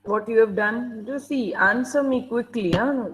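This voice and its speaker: A woman's voice: fairly high pitch, a little slow, background noise. A woman teacher with an Indian English accent running an online class over a video call, strict and impatient as she prods students to answer.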